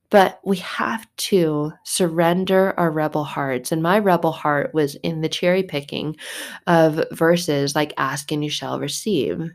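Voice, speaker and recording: Animated woman giving a faith talk. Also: low-pitched. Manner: animated, acts out God's and her own voices.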